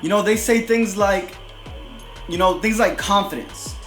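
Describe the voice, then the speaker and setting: A man with a high voice talks in a blunt, aggressive, profane way, tagging "right?" onto nearly every line. His casual motivational monologue is recorded in an echoey room. Faint music plays behind him. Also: unhurried, fairly bright tone. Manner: profane, repeats "right?" constantly. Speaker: motivational video host.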